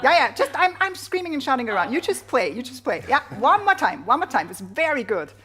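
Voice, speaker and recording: A woman's voice: high-pitched, big pitch swings, fairly quick, loud music behind the voice. Woman coaching a flute student. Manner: encouraging, sings rhythms aloud, frequent "yeah?". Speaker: flute teacher. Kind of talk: masterclass coaching.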